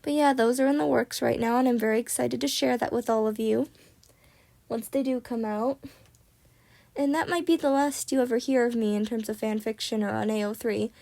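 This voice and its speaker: A young woman vlogging in a casual, rambling way, often repeating herself and filling pauses. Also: a little high, steady tone, gravelly, a little mellow. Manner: rambling, filler-heavy, repeats "as I said". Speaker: YouTuber. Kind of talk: casual vlog talk.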